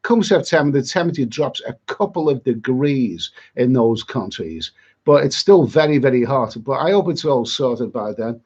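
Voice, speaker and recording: A man's voice: medium pitch, expressive, moderate pace, a little mellow, breathy edge, dull audio. A man hosting a live stream, chatting to viewers in a rambling way, often repeating himself and restarting his words. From Britain. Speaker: travel vlogger hosting a live chat. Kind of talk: live-stream chat, reading viewer comments.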